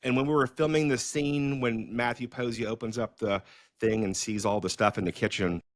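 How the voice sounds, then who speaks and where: A middle-aged man, a filmmaker hosting a podcast, telling stories in a casual, animated way with many fillers and restarts. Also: medium pitch, normal speed, no room sound, studio quality. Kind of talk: casual storytelling conversation.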